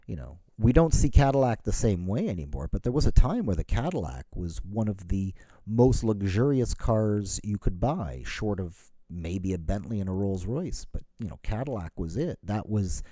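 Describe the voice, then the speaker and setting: A man's voice: fairly low pitch, lively intonation, moderate pace, few pauses, dark tone, dry recording. A middle-aged man from Canada in a casual solo talk, rambling and correcting himself, with many "you know"s. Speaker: podcast host.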